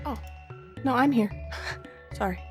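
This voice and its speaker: Rambling young woman streamer, slightly high. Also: slow pace, faint music behind. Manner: rambling, self-deprecating, laughs often. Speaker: art streamer. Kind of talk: casual stream chat. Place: home streaming setup. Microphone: streaming microphone.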